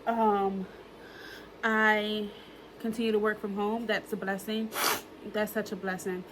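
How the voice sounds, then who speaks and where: A woman's voice: mid-range voice, flat delivery, unhurried, noisy background. A woman, talking in an earnest, emotional way in a personal reflection vlog, using plenty of fillers and repeating herself. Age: early 30s. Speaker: vlogger.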